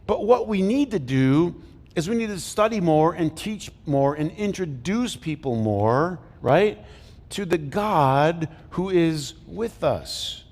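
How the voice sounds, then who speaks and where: A man's voice: a little high, lively intonation, takes it slowly, darkish tone. A middle-aged male pastor preaching a conversational sermon, joking and asking the congregation questions as he goes. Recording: long hall reverb from a church sanctuary.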